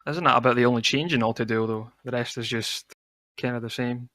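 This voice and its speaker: A man's voice: mid-range voice, steady tone, brisk, bright, forceful tone, dry recording, studio quality. Laid-back rambling male game caster. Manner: laid-back, rambling, lots of "you know". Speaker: esports caster. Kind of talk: casual live game commentary.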